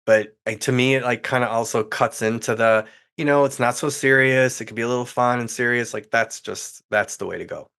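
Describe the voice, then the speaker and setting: A man's voice: medium pitch, fairly quick, fairly bright tone, clear, resonant tone. A man guesting on a podcast, chatting casually and thinking aloud candidly. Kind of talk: casual chat.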